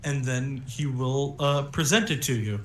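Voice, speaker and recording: A man's voice: medium pitch, unhurried, a bit bright, echoey room, slight background noise. A young man narrating a tabletop game as game master, laid-back, with lots of fillers and little chuckles.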